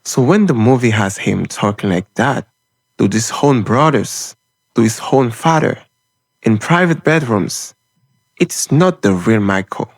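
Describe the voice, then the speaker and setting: A man's voice: medium pitch, animated, measured pace. A man delivering an impassioned, opinionated film commentary monologue in short, punchy phrases.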